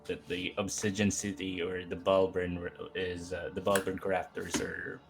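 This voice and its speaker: A man with a deep, flat voice chats on a stream, searching for his words and restarting often. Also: moderate pace, vocal fry, rough recording. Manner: hesitant, many ums and restarts. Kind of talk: casual stream chat.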